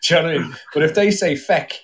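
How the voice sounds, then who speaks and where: An Irish man chatting casually on a podcast, swearing freely, laughing often and getting loud and excited. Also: on the high side, very fast, recorded from a distance, a little hiss or hum. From Ireland. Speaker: guest.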